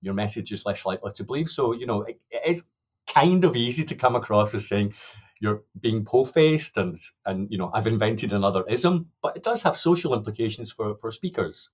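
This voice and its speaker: A man's voice: fairly low pitch, animated, fairly quick, breathy edge. A middle-aged male academic explaining his research in a podcast interview, thoughtful and full of restarts. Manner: thoughtful, many restarts and "you know". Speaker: sociolinguistics academic guest. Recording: dull lo-fi sound.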